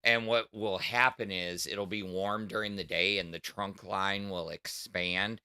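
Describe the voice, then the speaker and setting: A man's voice: low-pitched, steady tone, measured pace, sharp tone, smooth, no echo, studio quality. A middle-aged man with a Southern US accent, chatting on a livestream and explaining technical things in a rambling way, full of restarts. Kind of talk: casual livestream chat.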